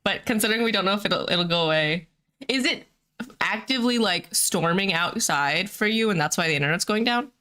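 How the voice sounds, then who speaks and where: Bright, giggly woman streamer. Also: medium pitch, expressive, brisk. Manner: giggly, rambling with many fillers. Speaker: streamer and host. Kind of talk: casual live-stream chat. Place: at home.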